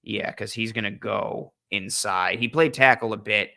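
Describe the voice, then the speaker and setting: A young man hosts a loose football draft chat, thinking aloud with plenty of ums and restarts. His voice is lowish and strikingly bright. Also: moderate pace, vocal fry. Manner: rambling, lots of fillers and restarts, hums to himself while thinking. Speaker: podcast host. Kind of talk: casual draft-analysis chat.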